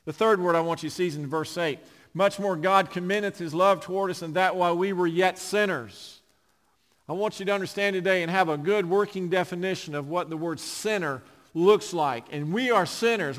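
A male pastor delivers an impassioned sermon in a high-pitched voice. He leans into big, loud emphases and then sinks into quiet, low phrases. His words echo with a long reverb through a church sanctuary.

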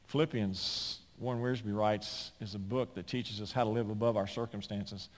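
A man pastor preaching a sermon in an emphatic storytelling manner with quick asides, in a large church sanctuary. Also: on the low side, steady tone. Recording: long hall reverb.

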